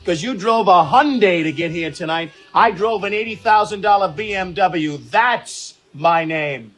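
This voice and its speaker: Cocky middle-aged sales manager, swaggering and abusive, high lively voice. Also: male voice, slow pace, heavily acted. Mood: aggressive. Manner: loud, insulting, swaggering tirade.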